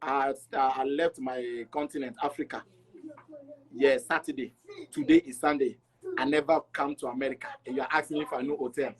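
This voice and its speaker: A middle-aged man from Togo, an interview guest, telling his travel story in an animated way and acting out the dialogue. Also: medium pitch, brisk. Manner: animated, acts out dialogue with repeats.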